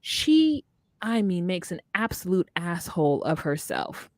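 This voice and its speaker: A woman co-hosting a podcast in casual chat, recapping a reality show with sassy, animated storytelling. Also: fairly low pitch, a little slow, dry recording, studio quality. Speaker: podcast co-host.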